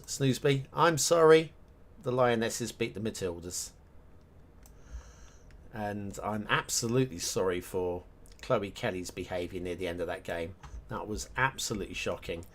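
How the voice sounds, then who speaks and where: Low-voiced rambling man streaming. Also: a little hiss or hum. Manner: rambling, hums and mutters to himself while working. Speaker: game streamer. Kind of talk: casual live-stream chat while map making.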